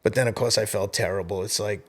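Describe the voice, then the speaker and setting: A middle-aged man in his fifties, a podcast guest telling race stories in a casual, animated way. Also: lowish voice, fast. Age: 50s. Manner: animated storyteller, acts out quoted voices. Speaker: podcast guest, marathon runner. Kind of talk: casual storytelling interview.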